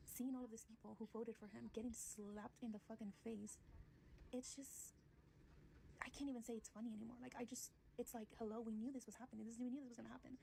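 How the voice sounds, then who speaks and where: A woman's voice: fairly high pitch, gravelly, dark tone, slight background noise. A woman ranting bluntly in a casual vlog, profane and sarcastic.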